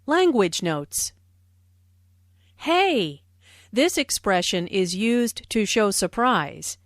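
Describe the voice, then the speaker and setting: A woman explaining English phrases in a scripted lesson, with slow, careful and clearly stressed speech. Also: medium pitch, very animated, dry recording, clean studio sound. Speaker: English teacher. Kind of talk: scripted lesson narration and dialogue.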